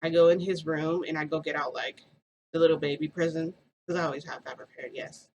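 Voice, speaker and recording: A woman's voice: sits low, fairly even intonation, brisk, a little mellow, rough recording. A woman vlogger telling a story in a rambling, casual way, full of "like" and "um".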